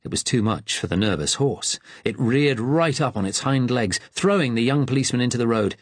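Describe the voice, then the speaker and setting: A man narrating an audiobook thriller in a measured, tense storytelling voice. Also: mid-range voice, expressive, dry recording.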